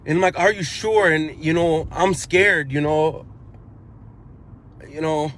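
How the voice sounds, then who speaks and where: Man with a somewhat high voice recounting events in earnest, repetitive and urgent. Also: steady tone, takes it slowly, fairly bright tone, slight background noise. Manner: earnest, repetitive, grows urgent while retelling; repeats phrases and restarts. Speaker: eyewitness. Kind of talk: emotional first-person recounting.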